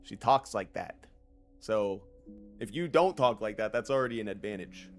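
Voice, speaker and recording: A man's voice: on the low side, expressive, moderate pace, soft background music. A man streaming a game, chatting casually and reading chat aloud in a loose, joking, profane way.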